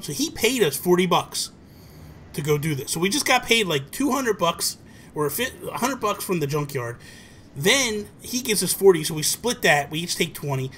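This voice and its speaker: A man hosting a livestream, telling a childhood story in a rapid, animated way and acting out family members' voices. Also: high-pitched, a little hiss or hum. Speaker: livestream host. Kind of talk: casual chat, storytelling.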